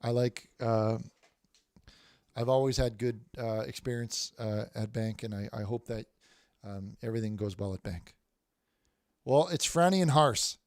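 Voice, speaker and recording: A man's voice: medium pitch, a little slow, no echo, studio quality. A man hosting a casual livestream, reading viewer messages aloud with many restarts and repeated words. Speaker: livestream host reading chat.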